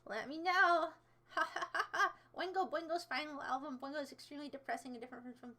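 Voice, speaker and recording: This is a young woman hosting a livestream, chatting casually as she reacts to viewer comments. Her voice sits high and sounds bright and sharp. She keeps things playful and jokey and is quick to poke fun at herself. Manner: playful, jokey, self-mocking. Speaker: livestream host.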